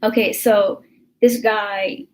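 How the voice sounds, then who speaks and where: A woman's voice: medium pitch, fairly even intonation, slow pace, darkish tone. A young American woman vlogging in casual chat, rambling with lots of fillers and swearing.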